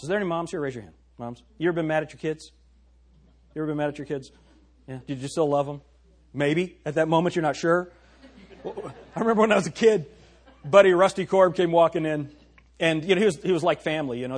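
A man preaching a sermon, emphatic and folksy, who slows down to stress key words and talks straight to his congregation. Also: a little high, breathy edge. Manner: folksy, addresses the congregation directly.

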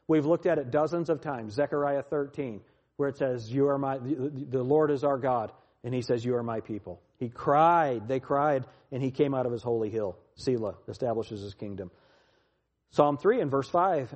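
A man preaching a Bible teaching sermon, reading scripture aloud with rising emphasis and dropping his voice low on each Selah. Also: moderate pace, darkish tone, muffled recording.

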